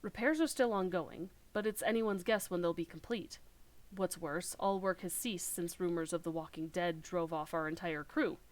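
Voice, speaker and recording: A woman voicing a dutiful male lighthouse overseer from a game in a put-on western English countryside accent, reading the lines in a measured, formal way. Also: fairly low pitch, close to an everyday voice. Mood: earnest. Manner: measured, formal storybook delivery. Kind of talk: reading game dialogue aloud.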